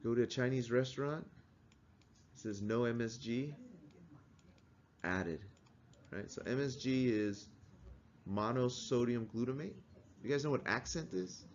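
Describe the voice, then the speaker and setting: A man's voice: mid-range voice, measured pace, pauses often, lo-fi sound. A man teaching a class, explaining things in a conversational way and asking the students questions. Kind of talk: classroom lecture.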